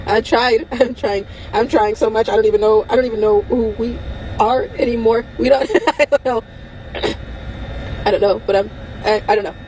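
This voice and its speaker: A young woman with a somewhat high voice speaks in an unscripted, emotional monologue. She rambles and restarts, sounding strained and close to tears, with nervous laughter breaking in between phrases. A faint hum of noise sits behind her. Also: fairly even intonation, normal speed, darkish tone, poor audio. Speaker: vlogger.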